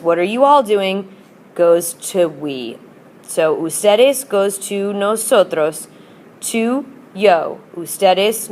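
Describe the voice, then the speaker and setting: A woman's medium-pitched, slightly mellow voice comes through with a little hiss or hum. She's teaching a language class, drilling with patient repetition and going back and forth between Spanish and English.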